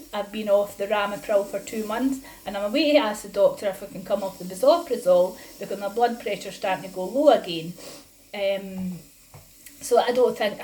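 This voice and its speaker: A woman's voice: mid-range voice, a little mellow, slight background noise, rough recording. A woman speaking to camera in a personal vlog, indignant and emphatic, retelling her exchanges in quotes, a little breathless from lung disease. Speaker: patient sharing her health story.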